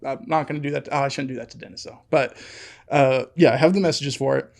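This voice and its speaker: Gravelly-voiced man telling a story. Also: medium pitch, quick pace. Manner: animated storytelling, laughs often, acts out quotes. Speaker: podcast co-host. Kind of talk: casual storytelling chat.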